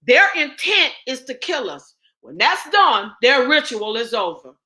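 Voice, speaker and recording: A woman's voice: high voice, sing-song, measured pace, sharp tone. A woman speaking as a guest and ritual teacher, blunt and profane, preaching with rhetorical questions. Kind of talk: impassioned spoken address.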